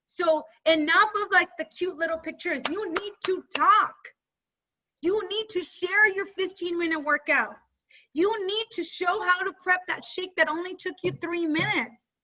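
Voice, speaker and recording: A woman side hustle coach rallying her students on a video call, energetic and direct. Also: very high-pitched, unhurried, dull audio. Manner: energetic, rallying, talks straight to the group.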